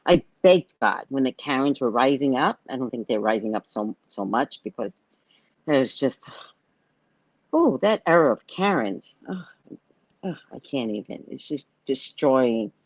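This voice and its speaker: Low-voiced animated older woman. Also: unhurried, no echo, dull audio. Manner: animated storytelling, acting out quoted voices. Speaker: psychic reader and live show host. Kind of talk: casual live talk to viewers.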